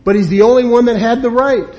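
A man's voice: very high-pitched, fast talker. A man preaching a sermon, emphatic, acting out the people he quotes. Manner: emphatic, acts out quoted people with lively swings. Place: church or meeting room.

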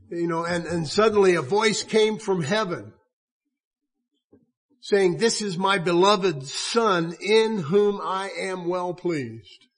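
A man preaching a sermon in an earnest, halting way, often restarting his sentences. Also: high-pitched.

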